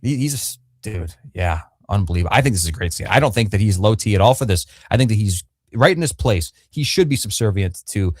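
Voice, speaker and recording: Co-hosting a laid-back livestream fan review, a man jokes around emphatically and playfully, his lowish, darkish voice expressive and quick with hardly any pauses. The livestream microphone gives clean studio sound without room sound.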